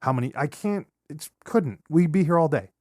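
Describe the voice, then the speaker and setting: Profane, animated man on a podcast. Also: fairly high pitch, moderate pace, dry recording, studio quality. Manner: profane, animated storytelling with outbursts. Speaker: podcast co-host. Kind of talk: casual chat.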